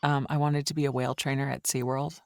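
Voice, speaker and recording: A woman's voice: rumbling low, gravelly, no room sound, clean studio sound. A woman guest who grew up in Switzerland, chatting and telling stories in a podcast interview. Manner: chatty, storytelling. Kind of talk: casual interview chat.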